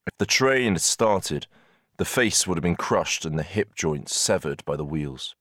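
Deep-voiced male audiobook narrator. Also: no room sound, clean studio sound. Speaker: audiobook reader.

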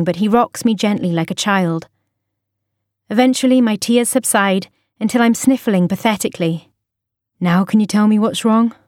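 A woman's voice: medium pitch, a little mellow, dry recording. Dry, close woman narrating a story. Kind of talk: first-person audiobook narration.

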